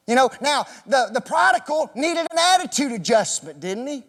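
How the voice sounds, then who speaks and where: A man's voice: extremely high pitch, very animated, normal speed, hardly any pauses. A man teaching an interactive Bible class in a church classroom, quizzing the group with questions and joking with them. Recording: echoey hall reverb.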